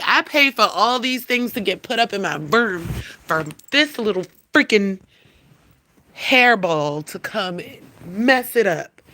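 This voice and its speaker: Bright-voiced woman chatting on a livestream. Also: mid-range voice. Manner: rambling, swears freely, scolds her cat. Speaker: livestream host. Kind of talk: casual livestream chat.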